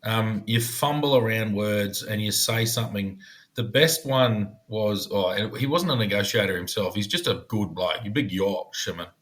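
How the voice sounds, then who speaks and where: A man's voice: lowish voice, moderate pace, a bit bright. A man, a podcast co-host and former police negotiator, telling a story in casual chat. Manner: storytelling, slips into funny put-on voices for quoted people.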